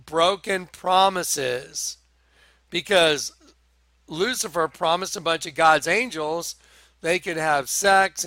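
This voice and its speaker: A man preaching an online show-and-tell monologue, talking slowly and emphatically, repeating phrases and calling his viewers folks. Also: on the high side, bright, forceful tone, no room sound. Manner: repetitive, insistent, addresses viewers as folks.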